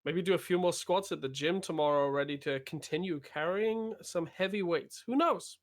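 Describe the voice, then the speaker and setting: A man's voice: a little high, normal speed. A man co-casting a live esports tournament, chatty and wordy with a self-deprecating edge. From United Kingdom. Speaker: esports co-caster. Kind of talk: live game commentary.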